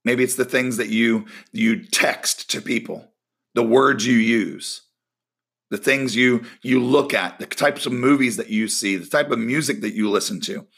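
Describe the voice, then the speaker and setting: A man's voice: medium pitch, a little slow, fairly bright tone, breathy edge. A man preaching a sermon in an earnest, emphatic way, repeating key phrases and now and then poking fun at himself.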